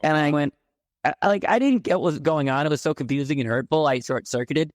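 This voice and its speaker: A middle-aged man from the San Francisco Bay Area, a podcast guest telling his childhood story in a candid, animated way. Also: fairly high pitch, fast talker, dry recording, clean studio sound. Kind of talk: personal storytelling in a podcast interview.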